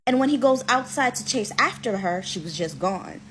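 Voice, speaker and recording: A woman's voice: fairly high pitch, expressive, moderate pace, a bit bright, a little hiss or hum, low-quality recording. A woman storyteller and author chatting informally through a story time, calling her listeners "y'all".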